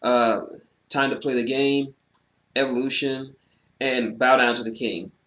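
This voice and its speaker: This is an unhurried, mid-range male voice doing a one-man review of a wrestling show. The tone is casual and animated, laced with sarcasm, open cursing, and lots of filler words.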